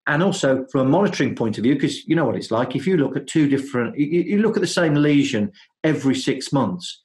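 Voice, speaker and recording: A man, a dentist, talking through his ideas in a podcast interview, with many fillers, restarts and hesitant pauses. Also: medium pitch, expressive, darkish tone. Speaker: guest dentist.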